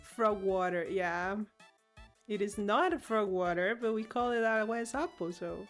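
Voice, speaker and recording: A woman's voice: mid-range voice, a little slow, soft background music. A woman streamer, chatting casually and playfully, reading chat aloud and giggling often. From Latin America. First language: Spanish.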